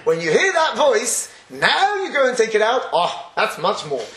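A man with a fairly high, fairly bright voice teaches a Torah class at a moderate pace, his pitch swooping wildly. He keeps things conversational, chuckling often and acting out little everyday scenes. The room is echoey and there's slight background noise.

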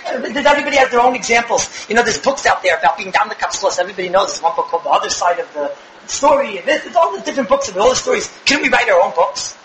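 A young man giving an animated religious lecture to a live audience, firing rhetorical questions with bursts of shouting. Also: high voice, rapid-fire, roomy sound, noisy background. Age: young adult. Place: room with an audience.

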